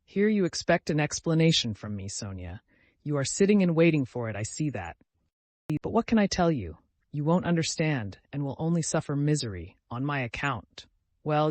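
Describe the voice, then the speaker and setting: A man's voice: on the high side, no room sound, close to an everyday voice. A man performing a tormented young murderer pouring out a confession, his voice lifting and falling sharply as he pleads and despairs. The sound is close and dry, with no room around it. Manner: anguished, pleading.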